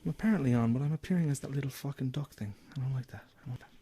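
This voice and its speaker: A man's voice: medium pitch, rapid-fire, warm tone, breathy edge. A man with an Irish accent hosting a casual internet radio show, giggly and swearing freely. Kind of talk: casual chat.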